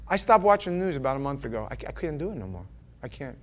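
A man preaching a sermon in a loose, conversational way, rambling with restarts and often dropping to a quiet murmur. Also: mid-range voice, very animated, quick pace.

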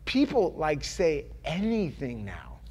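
A man from New York preaching a sermon, animated and joking, acting out little voices as he tells his stories. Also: fairly high pitch, takes it slowly, slightly rough. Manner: animated, acts out voices and jokes.

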